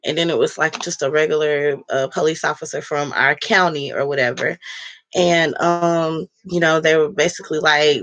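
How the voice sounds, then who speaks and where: A woman's voice: deep voice, normal speed, fairly bright tone. Blunt, profane woman ranting on her vlog. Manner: blunt, profane, heated storytelling. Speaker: vlogger. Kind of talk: casual vlog rant.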